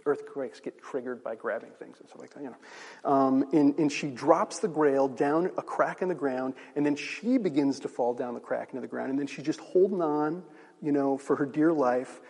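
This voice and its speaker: A man's voice: mid-range voice, moderate pace, vocal fry, darkish tone, breathy edge. A male pastor preaching a sermon, conversational and asking the audience rhetorical questions. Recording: long reverb of a large hall.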